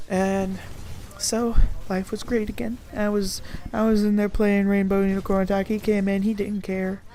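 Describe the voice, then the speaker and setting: Young woman rambling thru a storytime, crude and animated, mid pitch, faint hiss behind. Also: moderate pace. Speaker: storyteller vlogger. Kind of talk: casual storytime.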